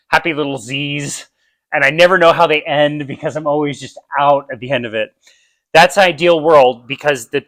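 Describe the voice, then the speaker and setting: A man's voice: medium pitch, fairly bright tone, no room sound. Chatty American man giving a talk. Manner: conversational, explains with vivid examples. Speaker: nutrition seminar presenter. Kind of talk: casual outdoor lecture. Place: outdoor park.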